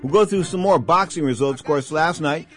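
A male boxing radio host talking excitedly and rambling, repeating himself as he comments on fights. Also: a little high, brisk, soft background music.

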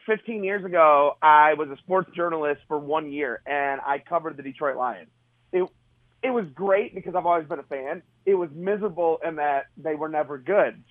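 Guest author, middle-aged man, earnest, slightly high voice, over a phone line, dry. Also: dry recording. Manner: earnest, restarts often. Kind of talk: casual interview talk.

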